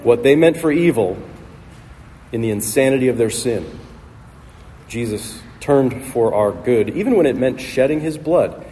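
A man's voice: medium pitch, lively intonation, unhurried, warm tone. Man, pastor, sermon, emphatic repetition, church hall, faint background hiss. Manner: emphatic preaching with rhetorical repetition. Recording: long hall reverb, faint noise.

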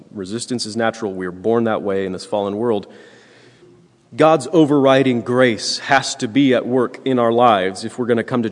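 A man preaching a sermon, earnest and emphatic, repeating his points and clearing his throat often. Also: lowish voice, in a large hall. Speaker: pastor.

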